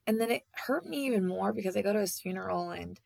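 A woman telling a personal story in a halting way, full of fillers and restarts. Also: mid-range voice, gravelly, a little mellow, no echo.

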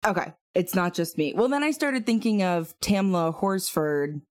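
A woman's voice: fairly low pitch, sing-song, moderate pace, darkish tone. A woman co-hosting a casual true-crime podcast, talking in a chatty way with lots of fillers and asides. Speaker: podcast co-host.

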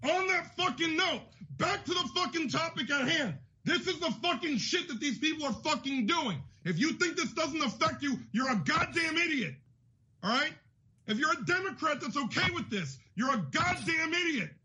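A man's voice: extremely high pitch, expressive, moderate pace, sharp tone. Furious profane man ranting. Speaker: podcast host. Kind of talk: angry profane rant. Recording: dull lo-fi audio.

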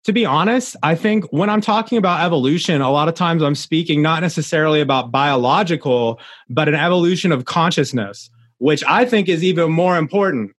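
A man's voice: a little high, a little fast, fairly bright tone, no room sound. Earnest man with a dry close sound. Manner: earnest, rambling, many restarts. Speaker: podcast guest. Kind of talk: casual interview chat.

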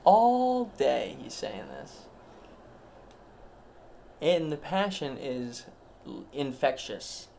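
Man, podcast host, slow, gravelly, meandering, mock-grand, faint background hiss. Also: mid-range voice, big pitch swings. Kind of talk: rambling solo podcast monologue.

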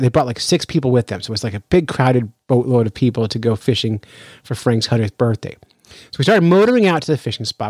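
Male podcast host, lively and chatty, casual storytelling, dry studio sound. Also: medium pitch, no echo. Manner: lively, chatty, with frequent restarts. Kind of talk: casual storytelling and news commentary.

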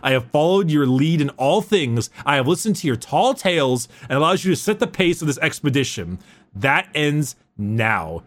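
A man voicing a stern, commanding male warlord as he reads a book excerpt aloud, in a low and deliberate voice. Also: very animated.

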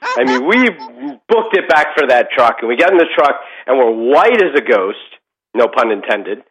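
A man's voice: mid-range voice, big pitch swings, normal speed, fairly bright tone, husky, poor audio. A middle-aged man telling a ghost story in casual chat, rambling with lots of fillers and restarts.

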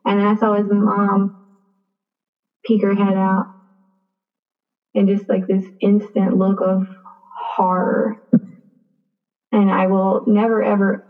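Reflective young woman guest, personal story, narrow phone-like sound, mid pitch. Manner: quiet, reflective recounting. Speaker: podcast guest. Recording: tinny phone-like line.

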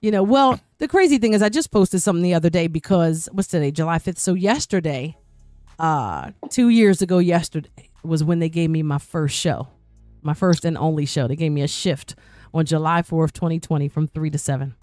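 A woman's voice: low voice, a little fast, a little mellow, no echo, clean studio sound, soft background music. A woman radio personality guest-hosting a podcast, telling a personal story in a talkative way that repeats words, restarts and acts out quoted voices.

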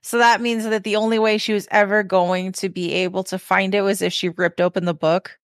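A woman co-hosting a podcast in casual chat, speaking emphatically with drawn-out phrasing. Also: medium pitch, little pitch movement, no echo, studio quality. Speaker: podcast co-host.

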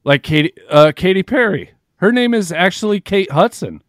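A man's voice: high-pitched, expressive, moderate pace, no echo, clean studio sound. A man hosting a podcast, joking around in casual, profane banter and laughing often. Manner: laughing, joking, swears freely. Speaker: podcast host.

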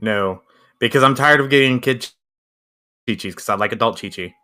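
A man's voice: medium pitch, moderate pace, bright, forceful tone. Crude joking male podcast co-host. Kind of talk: casual chat.

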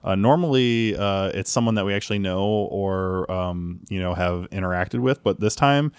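Low-voiced guy hosting a podcast, rambly, lots of ums, dry close sound. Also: moderate pace, clean tone, dry recording. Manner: rambling, many fillers and restarts. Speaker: podcast host. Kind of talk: casual podcast chat.

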